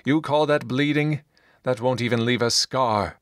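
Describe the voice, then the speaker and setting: A man playing a booming zealot paladin. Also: a little slow, no room sound, clean studio sound, natural voice. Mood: zealous. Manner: proclaiming, zealous, commanding. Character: fanatical zealot paladin, booming and self-righteous.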